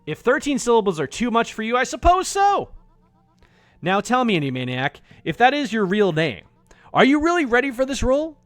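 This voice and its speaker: A man's voice: very high voice, wildly swooping pitch, fairly quick, no echo, faint music behind, voice pushed up, exaggerated voice. A man voicing a prim, condescending female cat doctor from a video game, raising his voice slightly.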